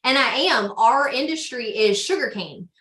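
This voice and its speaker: Woman, Southern country accent, chatty, upbeat, bright voice, echoey video call. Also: a little high, animated, moderate pace. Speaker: sales team mentor. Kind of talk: casual team video call.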